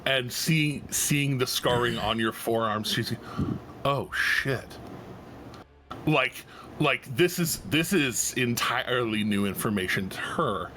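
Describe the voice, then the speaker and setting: A man's voice: medium pitch, slow, sharp tone, slight background noise. A man running a tabletop game as game master, narrating in a rambling way with swearing and laughing asides. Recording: faint background music.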